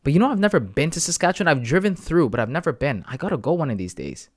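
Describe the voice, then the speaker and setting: A young man, chatting casually on a trading livestream, laid-back and slangy, reading out comments and breaking into loud shout-outs. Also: fairly high pitch, big pitch swings, fast, no room sound, studio quality. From Canada. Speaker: live-streaming forex trader.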